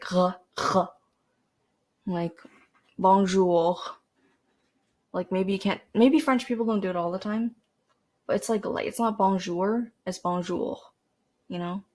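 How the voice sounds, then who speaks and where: A woman's voice: medium pitch, animated, brisk, a little mellow. Teen girl podcaster from canada rambling on, lots of ums and restarts, throat kinda dry. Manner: rambling, chatty, with many fillers and restarts. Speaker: podcast host. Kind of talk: casual chat to camera.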